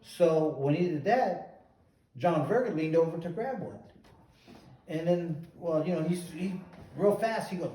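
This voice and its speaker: A man hosting a show and telling a long story in an animated, casual way, often repeating "he goes". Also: on the high side, unhurried. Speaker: host, former boxer. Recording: roomy echo, distant mic.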